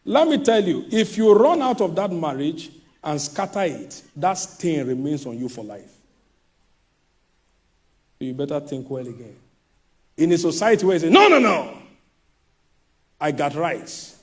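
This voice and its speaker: A man preaching a sermon, emphatic, swinging from loud shouts to low asides and mimicking people mid-sermon. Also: expressive, normal speed, pauses often.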